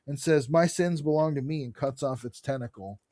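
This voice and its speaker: A man co-hosting a podcast, recapping a comic book in a casual, animated way, reading characters' lines aloud and swearing freely. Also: on the high side, a little fast, no echo, studio quality. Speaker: podcast co-host.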